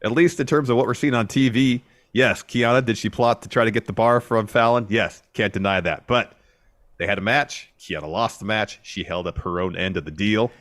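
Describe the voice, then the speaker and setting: A man with a very low voice co-hosts a podcast, telling events in order at a steady clip and acting out what others said. The recording is dry and close. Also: brisk, no echo. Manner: steady play-by-play retelling, acting out quotes. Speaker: podcast co-host. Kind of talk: casual wrestling recap chat.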